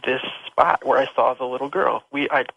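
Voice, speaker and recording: Male caller on a dull, lo-fi phone line with a gravelly, mid-pitched voice; rambling storyteller who restarts often. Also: fairly even intonation, moderate pace, dry recording. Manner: rambling, emotional, with many restarts. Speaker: radio show caller. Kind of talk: telling a personal ghost story. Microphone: telephone.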